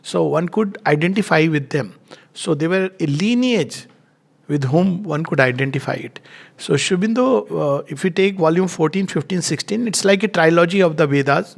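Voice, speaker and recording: Creaky-voiced man lecturing. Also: a little high. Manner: measured, reflective, pauses with frequent "uh". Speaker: lecturer on spiritual texts. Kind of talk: explanatory spiritual lecture.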